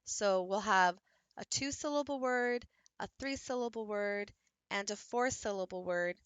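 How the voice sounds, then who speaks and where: A woman's voice: mid-range voice, measured pace, clear, resonant tone, dry recording. A woman teacher patiently explaining, step by step, how to build a classroom visual aid while she works with her hands. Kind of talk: instructional craft tutorial.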